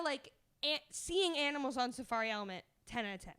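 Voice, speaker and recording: A woman from Canada, telling a comedic story as a podcast guest in a chatty, animated way. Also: high-pitched, brisk, a little hiss or hum. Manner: chatty and animated, laughs often between phrases.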